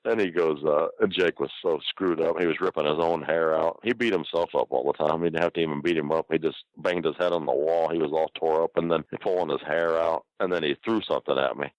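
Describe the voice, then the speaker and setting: An older man with a very low, deep voice tells rambling, profane stories, breaking into laughter between lines. The sound is dry and close, with no room around it. He talks loosely, piling up restarts and asides. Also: fairly even intonation, quick pace, hardly any pauses, no echo, highs cut off. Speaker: guest storyteller. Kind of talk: casual storytelling interview.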